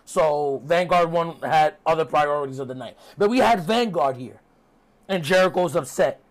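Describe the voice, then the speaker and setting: A man's voice: fairly high pitch, normal speed. A man hosting a podcast, recapping a show in a rambling, chatty way. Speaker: podcast host reviewing wrestling. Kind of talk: casual recap.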